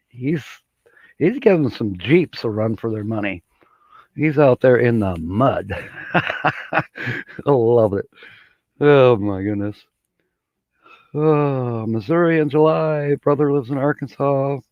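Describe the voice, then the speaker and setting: A middle-aged man from Michigan chats on his live stream in a folksy, rambling way and chuckles often between thoughts. His voice sits at an ordinary pitch. The audio is dry and a little dull, like a basic home computer mic. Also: lively intonation, slow, pauses often, no echo. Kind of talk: casual live-stream chat.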